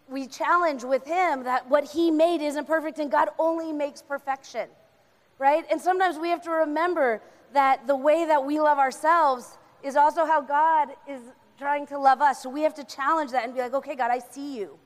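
A young woman giving an animated faith-based talk on anxiety, acting out little voices as she explains. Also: high voice, normal speed. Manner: animated, acts out voices of God and the brain. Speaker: speaker. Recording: reverberant hall.

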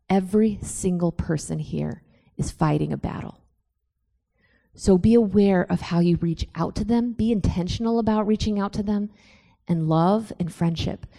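A young woman speaks to a young crowd at a church event and shares her faith story. She starts out quiet and conversational, then builds into fervent preaching. Her voice sits at an ordinary pitch. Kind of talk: faith testimony talk to a young audience.

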